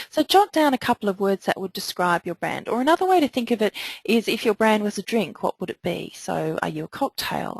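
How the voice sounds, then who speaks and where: A woman's voice: fairly low pitch, creaky, slightly rough, no echo, poor audio. A woman presenting a training webinar, talking conversationally and asking her listeners a run of rhetorical questions.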